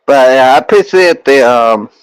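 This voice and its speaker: A man's voice: medium pitch, animated, normal speed, clean tone, no echo, poor audio. Rambling young man chatting with viewers. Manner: rambling, many fillers and restarts. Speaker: streamer. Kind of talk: casual chat with viewers.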